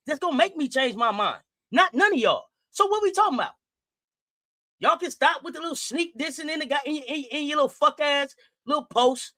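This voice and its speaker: A woman hosting a sports livestream, delivering a profane, confrontational rant with repeated challenges and shouted bursts. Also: sits high, no echo, studio quality.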